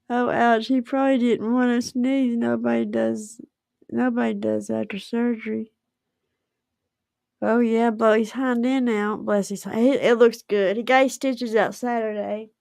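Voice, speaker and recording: A woman hosts a casual livestream and rambles on to her viewers. Her voice sits a touch high and has a gravelly rasp. The recording is dry and close. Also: fairly even intonation, measured pace, long pauses, darkish tone, no echo. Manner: chatty, rambling, with Southern dialect words. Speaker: livestream host.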